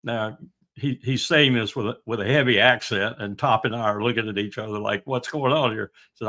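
A man in his sixties telling stories in a halting, anecdotal way during a casual discussion. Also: fairly low pitch, bright, forceful tone. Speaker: guest commentator.

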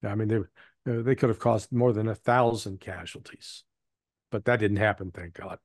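This is casual spoken commentary from a man interviewed as an analyst, who talks bluntly in a rambling, self-correcting way full of restarts and fillers. His voice is lowish and runs at normal speed, with no echo.

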